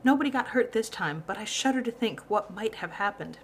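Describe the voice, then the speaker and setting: A woman's voice: mid-range voice, animated, brisk, a little hiss or hum, pitched above the performer's own voice, close to an everyday voice. A woman voicing an anxious, doting older grandmother who fusses over her grandson. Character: fussy worried grandmother.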